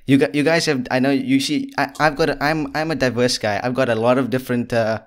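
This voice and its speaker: A male podcast host in casual conversation, mid-pitched and easygoing, breaking into laughs and quick asides. He talks from a room lit by big studio lights. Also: fairly even intonation. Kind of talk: casual interview chat.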